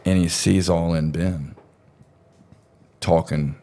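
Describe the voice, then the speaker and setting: Deep-voiced man telling a rambling story. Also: steady tone, takes it slowly, dark tone. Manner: rambling, profane, full of fillers. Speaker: podcast storyteller. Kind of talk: casual storytelling.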